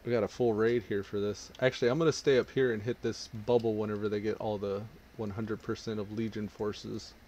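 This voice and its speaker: A man's voice: on the low side, level tone, brisk, hardly any pauses, a little mellow, slight background noise. A man casually talking through his online game session, chatting and thinking aloud as he plays. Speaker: gaming streamer. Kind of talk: casual gameplay commentary.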